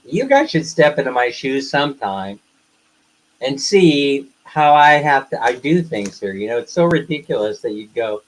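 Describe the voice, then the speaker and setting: A man's voice: medium pitch, very animated, moderate pace, rough recording. An older American man hosting a casual livestream, telling rambling stories and laughing often. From United States. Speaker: livestream host.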